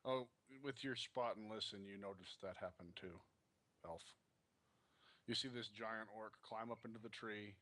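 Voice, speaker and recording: A man's voice: on the low side, steady tone, moderate pace, bright, forceful tone. A man running a tabletop game as dungeon master over online voice chat, giving laid-back rulings with light teasing.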